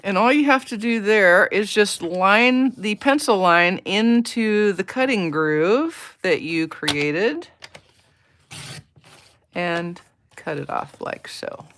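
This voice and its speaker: On a live stream, an American woman shows how to make a card, greeting viewers by name and muttering to herself as she works. Her medium-pitched, slightly bright voice has lively intonation and a slow pace. There is a little hiss or hum in the audio.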